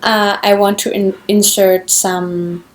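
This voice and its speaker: A woman's voice: medium pitch, level tone, slow pace. A German woman with a German accent, chatting casually in English on her knitting vlog, gushing over yarn and restarting often. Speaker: knitting vlogger. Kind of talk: casual show-and-tell.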